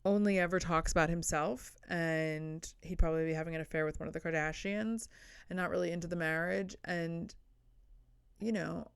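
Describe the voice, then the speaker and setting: A woman's voice: fairly low pitch, smooth, no room sound, studio quality. A young adult woman hosting a casual solo comedy podcast, rambling and blunt with self-deprecating asides, sitting on the floor indoors.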